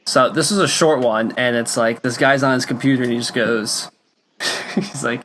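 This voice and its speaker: A man's voice: medium pitch, fairly quick, fairly bright tone, a little hiss or hum. A young man hosting a casual podcast chat, rambling with lots of fillers and restarts. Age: young adult. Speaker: podcast host.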